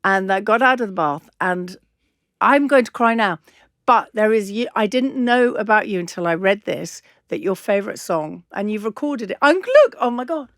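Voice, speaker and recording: A woman's voice: medium pitch, moderate pace, few pauses, a bit bright, no echo, studio quality. An English woman in her fifties hosting an interview, effusive and emotional. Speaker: podcast host. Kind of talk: casual chat.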